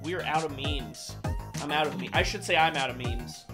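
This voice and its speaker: A man's voice: fairly high pitch, moderate pace, music in the background. A man hosting a casual meme chat with friends, playful and leading the talk. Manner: playful, leads the segments. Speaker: meme video host. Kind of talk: casual chat reacting to memes.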